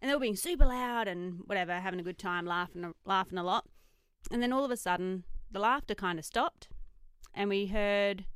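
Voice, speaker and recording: Podcast co-host, woman, mid-pitched, lively storyteller, dry close sound. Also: brisk, clean tone, dry recording. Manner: lively storyteller who acts out what others said. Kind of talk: casual chat, animated storytelling.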